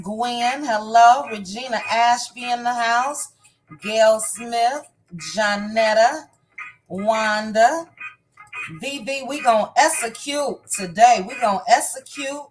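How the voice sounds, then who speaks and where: A woman's voice: fairly high pitch, a little hiss or hum, rough recording. A woman hosting a casual live stream, greeting viewers by name one after another. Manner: warm shout-outs, reading names one by one.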